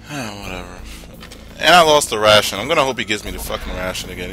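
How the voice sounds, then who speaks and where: Excitable, swearing young gamer, lively pitch. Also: male voice, unhurried, long pauses. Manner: excitable, profane, talks to game characters. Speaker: gameplay commentator. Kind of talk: let's-play commentary. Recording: game music behind voice.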